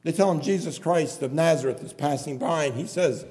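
A man delivers a pleading, impassioned sermon in a fairly high but warm, mellow voice. He leans on repeated phrases to drive each point home. His words ring out with a long reverb in a church hall. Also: a little fast. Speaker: preacher.

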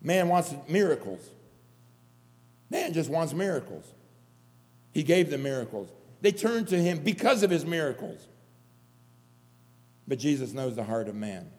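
A man's voice: on the high side, big pitch swings, unhurried, long pauses, darkish tone. A man preaching an earnest sermon, repeating phrases for emphasis. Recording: long hall reverb.

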